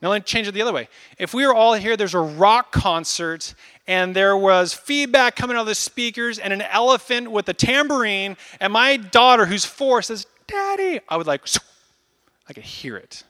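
A man in his thirties preaching a casual, animated sermon, acting out little asides as he goes. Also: high voice, normal speed. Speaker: pastor.

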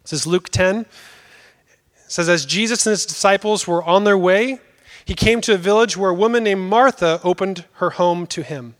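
A young adult man preaching a sermon in a conversational, emphatic way with dramatic pauses. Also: sits high, a bit bright.

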